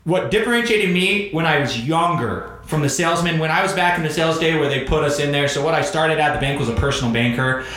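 A high-pitched man in his thirties talks sales in a loose, animated way, swearing and acting out both sides of an exchange. The room around him rings with heavy echo. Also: fast, hardly any pauses. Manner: animated, swears, acts out quotes. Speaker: podcast host. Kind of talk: casual sales coaching chat. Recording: very echoey room.

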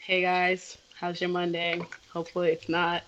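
A woman with a lowish voice chats loosely on a podcast, joking about her day. A faint hiss of noise sits behind her. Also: completely flat delivery, moderate pace, a bit bright, highs cut off. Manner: laid-back, joking, laughs easily. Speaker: podcast co-host. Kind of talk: casual podcast banter.

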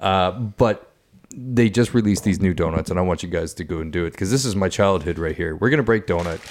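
A man's voice: sits low, brisk. A man hosting a podcast, chatting casually and enthusiastically with friends. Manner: enthusiastic, rambling. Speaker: podcast host. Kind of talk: casual chat.

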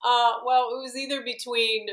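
A woman with a bright, sharp voice answers an interviewer's question in a casual, hesitant way, leaning on "you know" as she searches for words. Her voice rings in an echoey room. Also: fairly high pitch, level tone, moderate pace. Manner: warm, hesitant, many "you know" fillers. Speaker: guest, singer.

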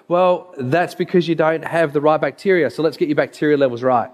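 A man with a slightly raised pitch gives a slide presentation as a naturopath. He tells anecdotes with emphatic delivery and blunt asides. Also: moderate pace, a little mellow. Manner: emphatic, storytelling.

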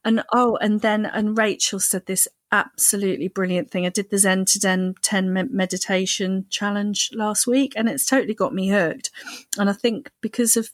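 A woman's voice: medium pitch, moderate pace, dry recording. Chatty woman co-hosting. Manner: chatty, animated, with playful voices for quoted thoughts. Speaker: podcast co-host. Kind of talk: casual chat.

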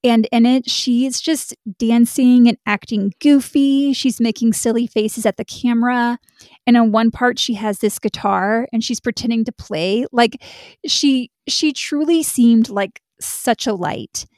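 A woman's voice: on the high side, a little slow, a little mellow, dry recording, studio quality. A young adult woman co-hosting a true crime podcast, talking casually and bluntly, swearing freely. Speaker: podcast co-host.

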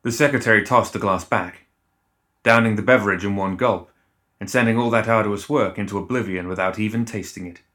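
A man narrating an audiobook in a measured, even storytelling manner. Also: lowish voice.

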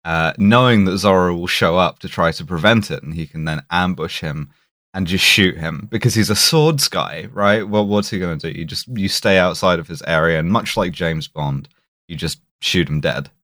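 A man's voice: low-pitched, moderate pace, a bit bright, dry recording, clean studio sound. Rambling, profane man recapping a movie. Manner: rambling and profane, with many fillers and restarts. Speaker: podcast co-host. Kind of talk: casual chat.

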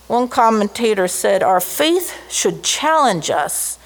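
A woman preaching a sermon, slow and emphatic, lifting her voice sharply on key words. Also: on the high side.

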